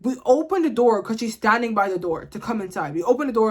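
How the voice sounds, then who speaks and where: A woman's voice: fairly high pitch, animated, quick pace, few pauses, noisy background. A woman, ranting bluntly and comically to camera in a casual vlog. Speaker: vlogger.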